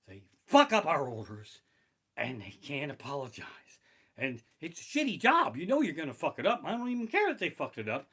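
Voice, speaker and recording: A man performing a profane stand-up comedy set, streamed live from his living room, breaking into shouted bursts of panic. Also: medium pitch. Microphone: basic home streaming mic.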